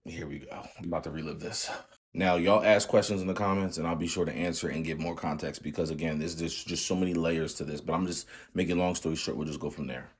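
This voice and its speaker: A man in his thirties recounts a painful family memory in a candid, conversational way. His voice sits low and carries a husky edge. He talks in loose slang, as if to friends. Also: steady tone, fast. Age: 30s. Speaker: channel host. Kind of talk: storytelling vlog.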